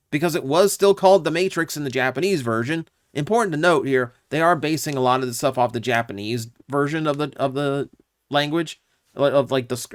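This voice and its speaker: A man's voice: fairly high pitch, a bit bright, dry recording, clean studio sound. A man hosting his own channel, giving casual, opinionated commentary with lots of asides and fillers. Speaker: YouTube channel host.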